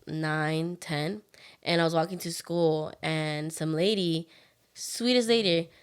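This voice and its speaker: A woman's voice: low voice, steady tone, slow, clean tone. A young woman co-hosting a podcast, telling a personal story in casual chat with many fillers and acted-out quotes. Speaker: podcast co-host.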